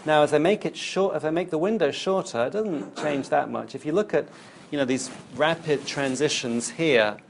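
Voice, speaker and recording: A man's voice: on the high side, normal speed, gravelly, slight background noise. A man giving a recorded university lecture, explaining while he demonstrates on screen and thinks aloud.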